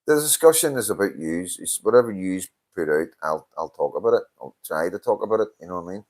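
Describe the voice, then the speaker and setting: A man's voice: sits low, expressive, quick pace, a little mellow. An older man hosting a casual live stream, reading out viewer comments, swearing often and sounding tired. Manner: swears a lot, tired and yawning. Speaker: livestream host.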